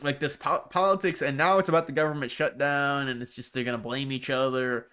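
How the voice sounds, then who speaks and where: A man's voice: medium pitch, steady tone, brisk, pushed and bright, clean tone. A man commentating live on a political clip, mocking and sarcastic, laughing at what he hears.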